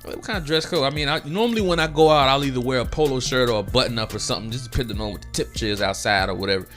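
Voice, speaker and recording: A man's voice: medium pitch, very fast, a bit bright, soft background music. A young man telling a slangy story casually and acting out quotes. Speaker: gaming storyteller. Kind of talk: casual storytelling over gameplay.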